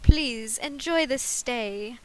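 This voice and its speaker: A woman's voice: mid-range voice, unhurried, bright, forceful tone, rough recording. A woman voicing a polite, deferential male hotel bellboy in a game, trying a British accent with stiff, formal speech.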